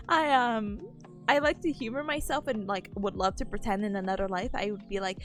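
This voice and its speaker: A bubbly young woman streaming, chatting to her viewers in a high, bouncy voice that leaps all over the place. Her voice sounds slightly nasal and worn from a cold, and she giggles often. Soft music plays faintly behind her. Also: animated, normal speed. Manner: bubbly, giggly, greets chat warmly. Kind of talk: casual live-stream chat.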